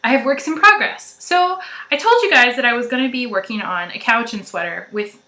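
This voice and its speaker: A young woman hosts a knitting podcast in a chatty, meandering way, full of ums and little giggles. Her voice is bright and forward. It rings in an echoey room. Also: on the high side, animated, fairly quick. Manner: chatty and rambling, many ums, giggles often. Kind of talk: casual chat to viewers.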